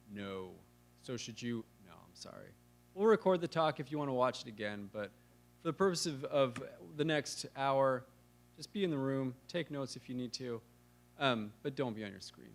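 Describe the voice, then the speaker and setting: A man hosting a weekly lecture forum, welcoming the audience with wry jokes into a handheld microphone. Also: mid-range voice. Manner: wry, joking. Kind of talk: casual event welcome. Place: lecture room.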